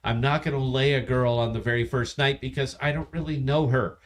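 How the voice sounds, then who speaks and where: A man's voice: medium pitch, steady tone, brisk. A man in his fifties hosting a casual livestream, tipsy, profane and boastful as he tells a long story. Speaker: podcast host.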